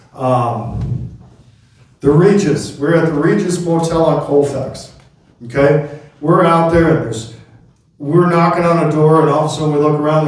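Middle-aged male preacher, storytelling sermon, booming hall echo. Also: darkish tone. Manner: storytelling preacher, calls out amen to the congregation. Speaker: pastor. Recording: very echoey hall, mic from a distance.

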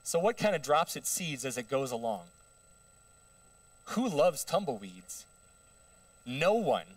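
A man's voice: a little high, very animated, slow pace, no echo, distant mic. A male pastor giving a conversational sermon, putting rhetorical questions to the congregation. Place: church sanctuary.

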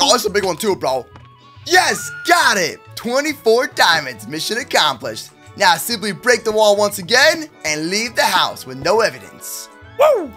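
Young male gaming host, bright forceful voice, excitable stealth play-by-play, light music behind. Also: sits high. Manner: hyped, hushed stealth narration. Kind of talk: energetic game commentary.

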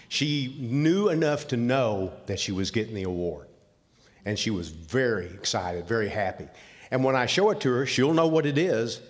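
Older Southern man telling a story. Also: lowish voice. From Southern United States. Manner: plainspoken, folksy storytelling. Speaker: award recipient speaking for his wife. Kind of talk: speech at an awards ceremony. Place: large convention hall. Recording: reverberant hall sound.

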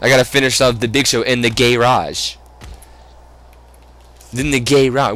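A man casually chatting while playing a wrestling video game, swearing loudly in excited outbursts. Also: mid-range voice, normal speed, pauses often. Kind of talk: profane casual let's-play chat.

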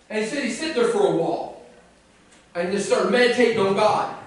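A man preaching a sermon to a responding congregation, fervent and calling out, at times rising to shouts. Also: high voice, brisk, long pauses. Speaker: pastor. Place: church sanctuary. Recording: echoey church hall from a distant mic.

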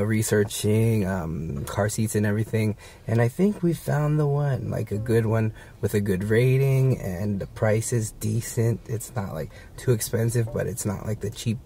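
A man with a rough, gravelly voice, chatting in a laid-back, rambling way for a vlog while out shopping. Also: lowish voice, dark tone, a little hiss or hum. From Hawaii. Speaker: vlogger. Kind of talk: casual vlog chat. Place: car and a big-box store.

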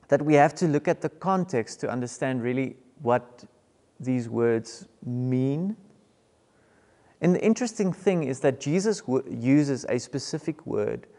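A man's voice: medium pitch, a little mellow, big-room sound. A man with a South African accent, preaching a sermon as pastor in an earnest, emphatic way, repeating key words.

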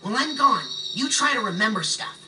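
A performer voicing an earnest, curious young psychic boy in a game, inquisitive and gently coaxing. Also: mid-range voice, lively intonation, moderate pace, noisy background, close to an everyday voice. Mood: reassuring. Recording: distant voice over game music.

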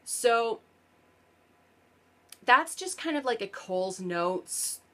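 Working through a frustrating topic in a casual explainer vlog, a Canadian parent and vlogger is both earnest and sarcastic, frequently stopping mid-sentence to correct herself. Her voice is on the high side, expressive, pushed and bright, and she speaks slowly.

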